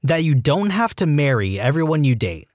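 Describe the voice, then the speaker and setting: A man narrating a series of online posts in an expressive, read-aloud style. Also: on the high side, moderate pace, no echo, studio quality. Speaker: narrator reading Reddit posts.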